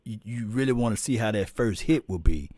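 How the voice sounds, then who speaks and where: A man hosting a casual sports call-in podcast, laid-back and laughing often, and loud and animated when he jokes. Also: fairly low pitch, brisk. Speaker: podcast host.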